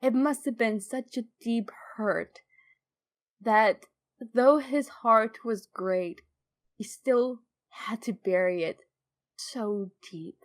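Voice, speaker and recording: A woman co-hosting a podcast, chatting casually and emphatically about game lore, her voice rising when excited. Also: fairly high pitch, slow pace. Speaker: podcast co-host. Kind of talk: casual fan lore discussion.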